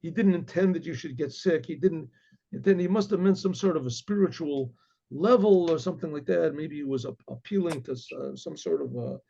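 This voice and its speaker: A man voicing a gentle, soothing rebbe's wife in a told story, speaking softly and reassuringly. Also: on the high side, expressive, a little fast, vocal fry. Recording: dull lo-fi recording.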